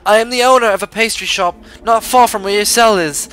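A courteous shopkeeper woman speaks in a halting, attempted British accent, as a young man reads her letter aloud. The voice is pitched a little higher and sounds bright. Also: clear, resonant tone, faint music behind, rough recording. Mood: polite. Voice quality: halting, stumbling reading. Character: polite young woman pastry shop owner.

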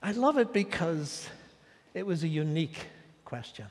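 A male guest preacher giving a dramatic sermon, swinging between loud declarations and hushed asides. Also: fairly high pitch, lively intonation, normal speed. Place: church sanctuary. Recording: church hall reverb.

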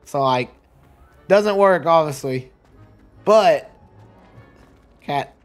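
Chatty higher-voiced man gaming. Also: animated, extremely slow. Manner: rambling, chatty, laughs often, trips over words. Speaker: let's play streamer. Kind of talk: casual gameplay commentary. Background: faint game music.

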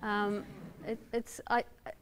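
A novelist from Ireland reads her work aloud and then responds to audience questions in a university lounge, candid and wryly self-deprecating. Her mid-range voice is flat and slow, with a little background noise.

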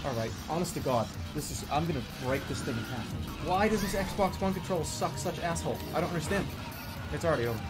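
A man streaming a video game, commenting as he plays and swearing often, dropping from low muttering to angry shouts. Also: expressive, fast, over loud music. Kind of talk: gaming livestream commentary.

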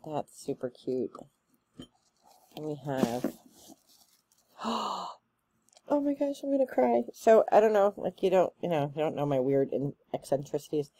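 A woman chatting casually through a gift box unboxing, gushing and excitable, with plenty of ums and likes. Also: sits low, slight background noise. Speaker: unboxing vlogger.

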